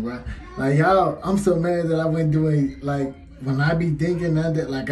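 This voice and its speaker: Laid-back young man, mellow voice. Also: mid-range voice. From Chicago. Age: 20s. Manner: laid-back and slangy, full of fillers. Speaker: vlogger. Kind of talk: casual storytelling. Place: small bathroom. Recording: echoey bathroom, faint music.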